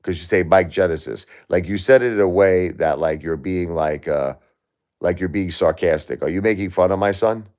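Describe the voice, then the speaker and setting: A man's voice: low voice, moderate pace, darkish tone. A middle-aged man on a live stream, grieving and confrontational, firing repeated questions back at commenters in chat.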